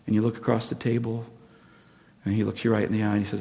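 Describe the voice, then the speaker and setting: Pastor guy preaching, gravelly voice, loud then hushed, echoey church hall. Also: on the low side, flat delivery, fast talker, pauses often. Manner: storytelling, rising to loud emphasis and dropping to near-whispers. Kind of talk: sermon. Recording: long hall reverb.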